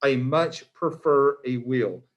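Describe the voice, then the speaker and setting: A man with a drawl teaches a biology class. He quizzes his students one by one in a playful, cheerful way, with an average-pitched voice. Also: takes it slowly. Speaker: high school biology teacher.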